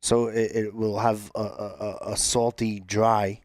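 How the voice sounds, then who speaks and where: A man hosting a podcast, interviewing a guest in a relaxed, casual way. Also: lowish voice, measured pace, no room sound, clean studio sound. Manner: relaxed, prompting questions, some restarts. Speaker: podcast host.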